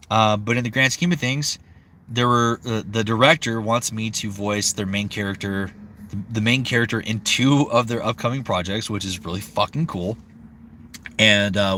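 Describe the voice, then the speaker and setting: A young man, a voice actor, chatting casually on a live stream, rambling and excitable, swearing freely. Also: on the low side, a little hiss or hum. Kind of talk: casual livestream chat.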